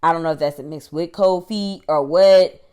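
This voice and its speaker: A woman's voice: sits low, normal speed, a little mellow, clean tone. A woman recapping a TV episode for her channel in a chatty, slangy way, laughing often. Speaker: YouTube TV reviewer.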